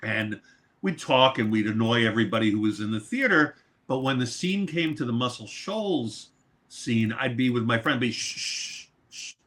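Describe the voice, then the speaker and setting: As an interview guest, a New York record producer and mixer tells a long story in a mid-range voice at a moderate pace. He's animated, swears freely, and laughs partway through.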